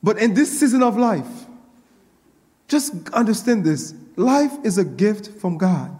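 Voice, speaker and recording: A male pastor preaches in a high, ringing voice. He repeats his lines, calls out to the congregation and works himself up as he goes. The sound carries the long reverb of a church hall. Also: measured pace. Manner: call-and-response preaching, repeats phrases, grows excited. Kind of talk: sermon.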